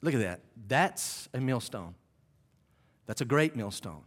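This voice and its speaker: A man's voice: animated, a little slow. Man preaching in an echoing hall. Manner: swings from low, quiet teaching to loud, high, dramatic storytelling. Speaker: pastor. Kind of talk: sermon.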